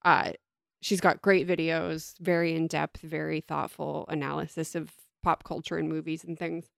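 Gravelly, low woman podcast co-host. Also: flat delivery, normal speed, dry recording. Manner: thoughtful, dry asides, often trails off quietly. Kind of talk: casual chat.

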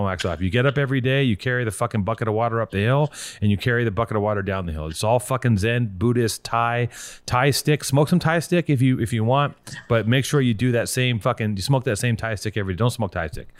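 A man hosting a call-in show, giving blunt, profane motivational talk and telling stories with animated energy. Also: mid-range voice, fast.

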